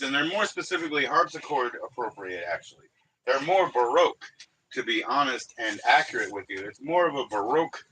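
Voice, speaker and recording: A man's voice: medium pitch, sharp tone, a little hiss or hum, rough recording. Rambling, foul-mouthed man on a livestream. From Washington DC area. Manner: rambling, profane, sings snatches of songs. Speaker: livestream host. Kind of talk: casual livestream chat about records.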